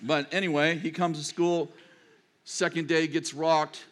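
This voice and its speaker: A man's voice: fairly high pitch, level tone, a little slow, fairly bright tone. An older man, a pastor and grandfather, preaching a sermon in a chatty, digressive storytelling manner.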